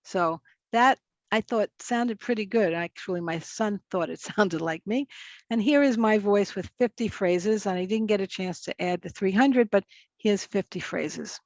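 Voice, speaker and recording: A woman's voice: medium pitch, measured pace, no echo, dull audio. Woman presenting, chatty and self-correcting. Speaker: speech pathologist presenter. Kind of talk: conference presentation.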